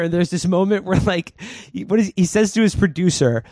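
A man's voice: sits high, quick pace, few pauses, darkish tone, no echo. A man co-hosting a casual podcast chat, animatedly recapping TV scenes. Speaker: podcast co-host.

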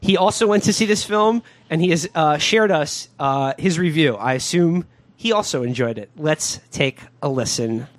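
Higher-voiced man hosting a comedy podcast. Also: animated, moderate pace, no room sound. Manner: rambling recap with fillers and mocking asides. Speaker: podcast host. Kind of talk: casual comedic discussion.

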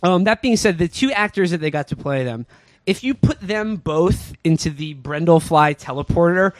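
A man with a somewhat high voice rambles through a movie plot, joking and leaning on fillers. His voice is recorded dry, with no room sound. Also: expressive, normal speed, no echo. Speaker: podcast co-host. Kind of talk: casual comedic movie recap.

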